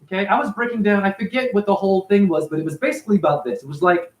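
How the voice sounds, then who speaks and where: A man hosts a casual livestream and reads the chat, talking animatedly and profanely while answering viewers by name. His voice sits high and he races along.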